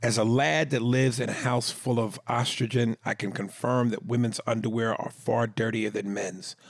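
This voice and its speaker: A man co-hosts a casual comedy podcast, reading listener comments aloud and cracking jokes between them. His voice is mid-pitched with a gravelly, creaky edge. The sound is dry and close, with no room echo. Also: steady tone, normal speed. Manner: reads comments aloud with jokey asides.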